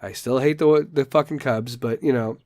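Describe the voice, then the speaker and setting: A man's voice: medium pitch, moderate pace, darkish tone, no room sound, studio quality. A man hosting a casual solo podcast, ranting in a rambling, profane way and telling dad jokes. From Chicago area. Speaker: podcast host.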